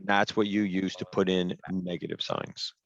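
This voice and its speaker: Male instructor, lowish voice, patient and emphatic, teaching over a headset on dull, lo-fi call audio. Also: flat delivery, normal speed. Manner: patient, step-by-step, emphatic on rules. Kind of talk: online class lecture.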